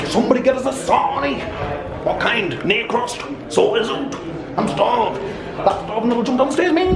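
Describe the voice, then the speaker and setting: A young man with a Geordie accent vlogging his week, excitable and loud, swearing and laughing as he talks. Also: high voice, moderate pace, over a noisy crowd. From northeast England. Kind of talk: casual vlog chat. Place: city streets and a gym. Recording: loud street noise behind.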